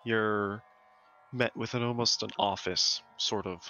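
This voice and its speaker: A man's voice: on the low side, fairly even intonation, measured pace, bright, forceful tone. A man narrating as game master in a tabletop game over a voice call, describing scenes with loose fillers. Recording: dull lo-fi voice-call audio with faint music.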